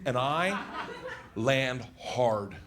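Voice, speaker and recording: A man telling a stand-up story on stage, laughing at his own jokes, with his voice cracking high. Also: lively intonation, extremely slow, background noise. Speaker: stand-up comedian. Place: comedy stage.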